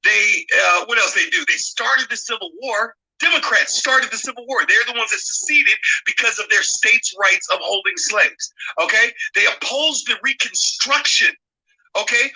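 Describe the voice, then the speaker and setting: Emphatic man with a high, bright voice. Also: rough recording. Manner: emphatic, keeps adding a challenging "okay?"; blunt and profane. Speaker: guest speaker on a live stream. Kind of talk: heated political argument.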